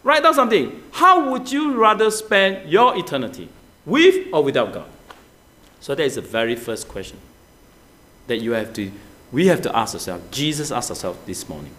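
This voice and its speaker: Guy preaching to his church, high voice that swings all over, keeps asking "all right?". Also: moderate pace. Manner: animated, asks the congregation many questions; addresses an online congregation. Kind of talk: sermon.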